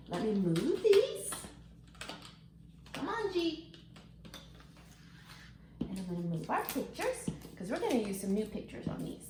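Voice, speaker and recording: Animated teacher woman, sing-song voice. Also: fairly high pitch, echoey room, background noise. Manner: animated, sing-song, stretches words out slowly. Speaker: kindergarten teacher. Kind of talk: phonics lesson for young children.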